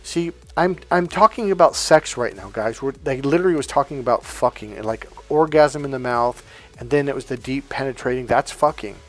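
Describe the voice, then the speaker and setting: In a casual monologue, a male dating coach talks a little fast in a mid-range voice. He is animated and profane, mimicking the voices of the people he quotes, while faint music plays in the background.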